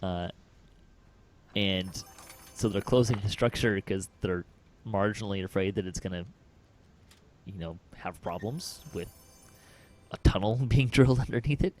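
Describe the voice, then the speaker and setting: A man with a lowish voice hosts a casual podcast chat. He rambles through anecdotes, pausing on fillers and chuckling as he goes. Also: darkish tone, slight background noise. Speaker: podcast host.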